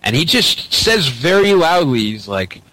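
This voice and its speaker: A man's voice: lowish voice, expressive, normal speed, sharp tone, no echo, rough recording. A man from Canada telling a story in casual chat, rambling with many restarts and casual swearing. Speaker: podcast guest.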